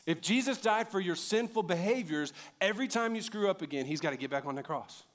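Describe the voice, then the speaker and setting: A man's voice: high voice, expressive, a little fast. A pastor preaching a conversational sermon, asking the congregation questions and often repeating words as he goes. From United States.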